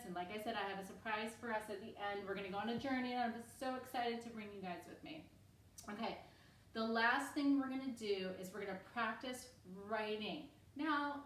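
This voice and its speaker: A woman teaching a reading lesson to young children at home, upbeat and encouraging, speaking slowly and clearly. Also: a little high, echoey room, distant mic, poor audio.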